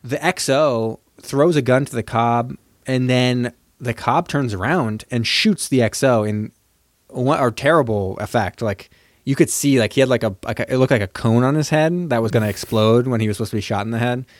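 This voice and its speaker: A man in casual podcast chat, retelling a film plot in a loose, rambling way full of fillers. His voice sits at a middle pitch and the recording is close and dry, with no room sound. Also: moderate pace, dry recording. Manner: laid-back, rambling, heavy on fillers. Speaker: podcast co-host.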